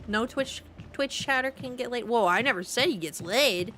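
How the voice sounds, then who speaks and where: A woman's voice: a little high, moderate pace, over music. A woman streaming a horror game, chatting playfully with her viewers and laughing often. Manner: playful, chatty, talks to chat, giggly. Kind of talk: casual live-stream chat while gaming.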